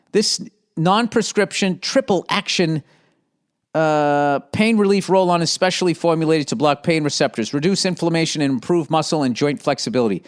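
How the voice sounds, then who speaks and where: A man's voice: sits high, pitched above the performer's own voice, natural voice. A man putting on an exaggerated posh British voice to read an ad, pompous and tripping over the script. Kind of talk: comic ad read.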